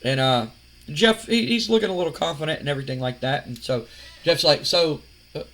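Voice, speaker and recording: Man, high voice, sharp bright tone, rambling game retelling, acts out quotes. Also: animated, brisk. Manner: rambling storyteller acting out quoted lines, with fillers. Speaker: game commentator. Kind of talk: casual play-by-play retelling of a wrestling sim.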